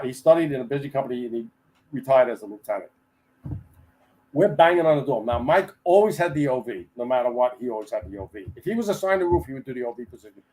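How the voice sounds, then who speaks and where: An older man, a retired firefighter, telling stories as a guest in a casual podcast interview, animated and chatty and acting out the people in them. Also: medium pitch, rough recording. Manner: animated storyteller who acts out the people he quotes; chatty, with frequent restarts.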